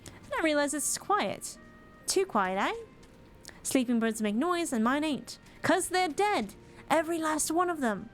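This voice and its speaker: A woman's voice: high voice, expressive, measured pace, soft background music. A woman voicing an aggrieved bird-keeper in a video game who speaks in a folksy drawl and demands payback. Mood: indignant.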